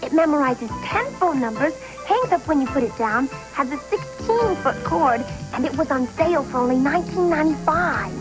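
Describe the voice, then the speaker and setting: A woman doing a bubbly teen girl for a vintage commercial, her voice high and bouncing all over. She has a sing-song lilt with a hint of a put-on accent. Clear music plays behind her on the old ad recording. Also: animated, normal speed, few pauses, poor audio. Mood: chirpy. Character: adult woman playing a chirpy teen girl. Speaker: voice in a retro phone commercial.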